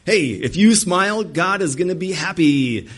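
A smooth-talking false preacher with a salesman's cheer, his voice lifted and coaxing. A man puts him on mid-sermon, mocking him. The delivery is breezy and confident. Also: high voice, lively intonation, normal speed, a bit bright, pitched above the performer's own voice, full character voice.

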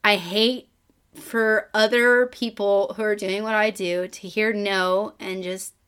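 A woman's voice: mid-range voice, little pitch movement, takes it slowly, fairly bright tone, clean tone. A woman hosting a podcast, emotional and choked up, giving an earnest motivational monologue with many fillers and restarts. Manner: earnest, pep-talk delivery with repeated calls to action. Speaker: podcast host.

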